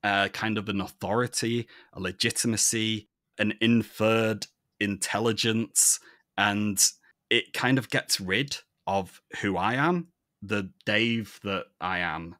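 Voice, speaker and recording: A man with a soft Northern English accent that leans toward received pronunciation, a podcast guest talking reflectively in long monologues. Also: on the low side, takes it slowly, dry recording, clean studio sound. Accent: soft Northern English, leaning toward received pronunciation. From Manchester, England. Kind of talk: casual conversation.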